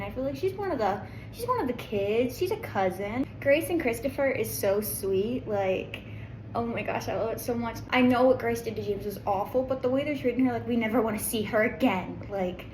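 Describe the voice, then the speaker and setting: A young woman vlogging casually about a book she is reading, chatty and excitable, rambling as she goes. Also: fairly high pitch. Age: young adult. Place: indoor room with green screen. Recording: echoey room with audible background noise.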